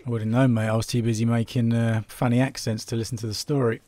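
A man's voice: mid-range voice, level tone, quick pace, mellow. A man hosting a casual let's-play, chatting and teasing his friends as he plays. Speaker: gaming channel host.

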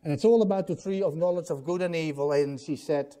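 A man's voice: fairly high pitch, a little fast, hardly any pauses, warm tone. A man preaching a sermon as pastor in a church, emphatic and putting rhetorical questions to the congregation.

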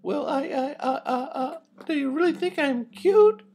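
A man's voice: very high voice, animated, measured pace, creaky, a little mellow, soft background music, pitched above the performer's own voice, full character voice. A man voicing a naive young female lamb who stammers shyly and eagerly. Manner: stammering, breathless.

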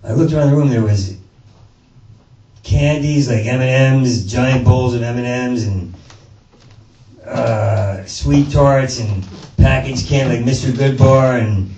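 A man's voice: mid-range voice, a little slow, dark tone. A man doing rambling stand-up storytelling, stammering and swearing as he jumps from one thought to the next. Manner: stammering, profane, digressive. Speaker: stand-up comedian. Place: small performance space in front of an audience. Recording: roomy, distant mic, faint noise.

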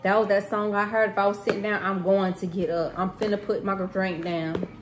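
A woman's voice: medium pitch, level tone, a little fast. A woman in her thirties chatting casually to her viewers while she cooks at home. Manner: chatty, talks straight to viewers. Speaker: cooking vlogger. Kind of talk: casual cooking chat to camera. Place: home kitchen. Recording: echoey kitchen with faint room noise.

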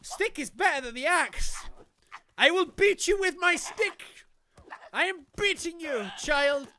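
A man putting on a brutish caveman who booms out short, broken boasts. The voice is bright and edgy, and the words come slowly and heavily. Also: fairly even intonation, smooth, heavily acted. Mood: menacing. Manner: booming, broken simple speech.

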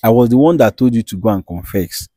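A man who presents and interprets, switching between urgent appeals and calm reassurance in a comedy skit. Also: medium pitch, quick pace, no echo.

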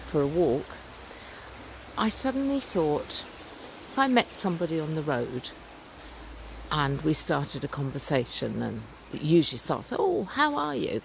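Her voice sits low and is expressive yet a little slow, with vocal fry, a somewhat mellow quality, and a slight hiss or hum. A middle-aged woman, she walks by a stream on a rural lane, vlogging casually into a handheld phone or camera. She chats earnestly and upbeat, leaning on fillers.

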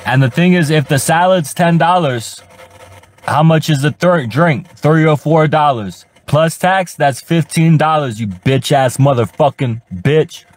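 A man's voice: on the high side, measured pace. A man rambling on a live stream from inside his parked car, talking to his chat in a frustrated, profane way and stammering over repeated words. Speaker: livestreamer.

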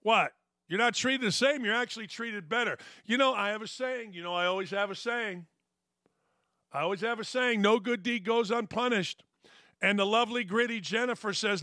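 A man's voice: high voice, normal speed, bright, forceful tone, no echo, clean studio sound. Blunt, sarcastic sports talk host, man. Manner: blunt, sarcastic, mocking, laughs at his own jokes. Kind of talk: opinionated sports talk rant.

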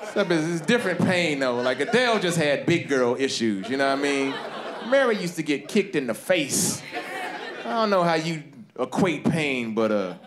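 Male stand-up comedian, lively swinging pitch, fairly high voice, live show with crowd laughing. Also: normal speed, background noise. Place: comedy club stage. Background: audience laughter.

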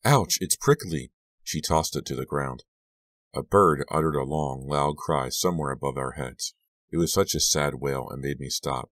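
A man narrating a scary audiobook in a measured, hushed storytelling manner, lifting his voice for the dialogue. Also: extremely low pitch, steady tone, no room sound. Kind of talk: scripted narration.

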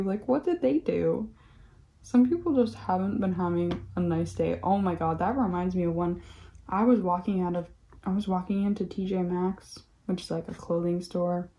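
A young woman talks through a relaxed craft vlog from home, rambling and filling her sentences with "like." Her voice is mellow and warm, and she bounces into the voices of the people in her stories. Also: mid-range voice. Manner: rambling, peppered with "like", animated retelling of quotes. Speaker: craft vlogger. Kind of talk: casual chatty storytime while crafting.

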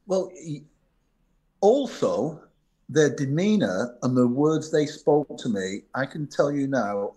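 A fairly high-pitched man's voice with a darkish tone. He's a middle-aged ex-bodyguard sharing anecdotes in a storytelling interview, reenacting conversations and often restarting what he says.

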